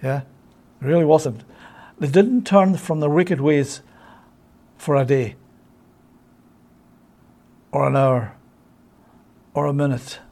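A man preaching a sermon, emphatic and full of rhetorical questions, often checking in with his listeners with a quick "yeah?". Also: a little high, gravelly, a little mellow.

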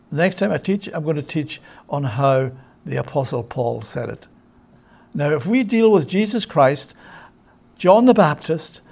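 A man preaching a sermon, emphatic and full of rhetorical questions, often checking in with his listeners with a quick "yeah?". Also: a little high, vocal fry, a little mellow.

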